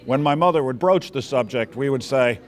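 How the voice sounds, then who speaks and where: A man's voice: mid-range voice, brisk. A man reading a personal memoir aloud in a fond, reminiscing storytelling manner. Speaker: memoir reader.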